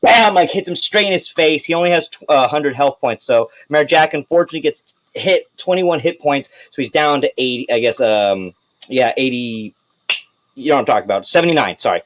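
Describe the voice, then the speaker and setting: A man's voice: medium pitch, brisk, poor audio. A man in a mid-range voice runs a tabletop game. He talks casually and hesitantly, trips over numbers and swears now and then. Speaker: game master.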